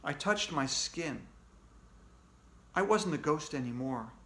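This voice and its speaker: Author reading to kids, slow and expressive, bright-voiced man. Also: a little high. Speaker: children's author. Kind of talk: reading aloud to children.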